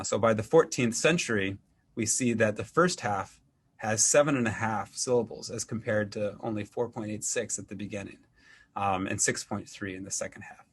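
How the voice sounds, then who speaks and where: A man, an English professor, giving an academic lecture in a measured way, with frequent ums and restarts. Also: fairly low pitch, husky.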